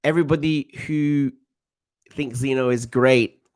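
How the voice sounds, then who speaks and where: A man's voice: medium pitch, steady tone, a little slow. A man in his thirties with a London accent, giving chatty, self-assured commentary on a football watchalong stream and reading chat. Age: 30s. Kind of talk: casual live-stream commentary.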